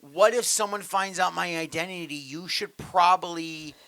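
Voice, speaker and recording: A man's voice: sits high, moderate pace, pushed and bright, no room sound. A young man co-hosting a podcast, chatting casually and animatedly, stammering and acting out quotes as he tells stories. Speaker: podcast co-host. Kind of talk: casual comedic chat.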